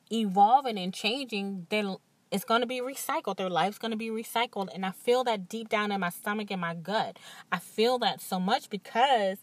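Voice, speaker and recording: Animated, candid woman podcast host. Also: medium pitch, dry recording. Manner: animated storytelling with acted-out quotes and frequent laughs; emphatic and candid. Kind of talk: casual monologue.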